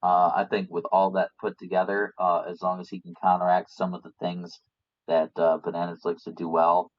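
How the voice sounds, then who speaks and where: A man with a very deep voice that stays flat and level gives his picks on a casual recap show. He speaks hesitantly, pausing and restarting often. The sound is dull and lo-fi. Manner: hesitant, many fillers and restarts. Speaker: podcast co-host. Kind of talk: casual chat about game picks.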